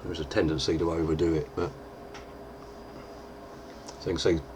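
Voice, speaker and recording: A deep-voiced man, chatting casually through a makeup tutorial with plenty of fillers. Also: little pitch movement, moderate pace, noisy background. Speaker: lookalike performer giving a tutorial.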